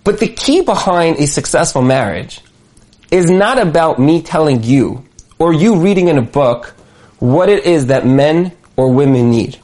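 Animated man telling stories. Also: fairly high pitch, a little slow. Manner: animated storyteller, acts out quotes; repeats phrases for emphasis. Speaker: speaker on marriage. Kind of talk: motivational talk with stories.

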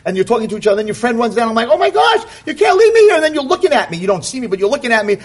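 A man's voice: high-pitched, racing, pitched above the performer's own voice. A man voicing a grateful young princess in a told story, speaking with breathless, pleading urgency. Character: grateful young princess stuck atop a tower.

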